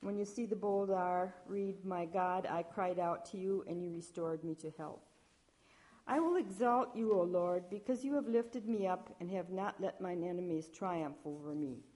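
A woman reading scripture aloud at a church service, measured, with small slips and restarts. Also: fairly low pitch, warm tone. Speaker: lector.

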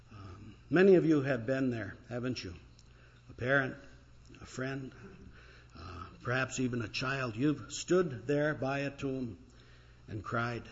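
A pastor preaching an Easter sermon, retelling a story in a conversational way with pauses and fillers. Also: male voice, mid-range voice, fairly bright tone, muffled recording. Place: church.

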